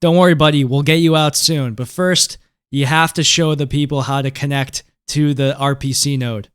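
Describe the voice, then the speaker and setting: A man walking viewers through a tech tutorial in a relaxed, chatty way, often tagging his points with "right?" and "okay?". His voice comes across smooth and resonant. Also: a little high, moderate pace. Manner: conversational, keeps checking in with "right?" and "okay?". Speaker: host.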